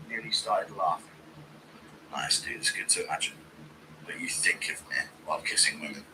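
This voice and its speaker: A man's voice: sing-song, fairly quick, background noise. Crude, jokey male streamer. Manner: crude, jokey, does squealing high-pitched impressions. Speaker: streamer hosting a fight watch-along. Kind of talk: casual livestream chat reading donations.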